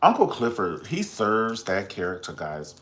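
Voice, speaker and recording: A man hosting a casual pop culture commentary, profane and dramatic, breaking into high squeals when he quotes people. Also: wildly swooping pitch, a little slow, a bit bright. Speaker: host.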